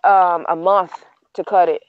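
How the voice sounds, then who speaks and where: A woman's voice: lowish voice, fairly even intonation, unhurried, clean tone, phone-quality sound. A woman in a casual group chat who rambles, corrects herself mid-sentence and sounds exasperated.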